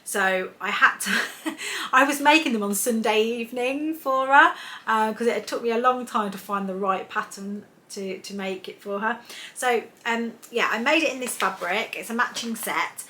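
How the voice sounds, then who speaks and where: A woman's voice: on the high side, normal speed. A woman chatting casually on her sewing vlog, rambling along with lots of ums and restarts. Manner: rambling, warm-hearted, many ums and restarts. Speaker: sewing vlogger.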